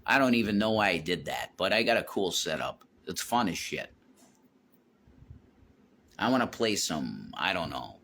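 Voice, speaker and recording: A man's voice: deep voice, sing-song, moderate pace, pauses often, pushed and bright, slight background noise. A man rambling and swearing as he walks around his house, vlogging into his phone. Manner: rambling, repeats himself, swears a lot. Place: home, walking around with a phone.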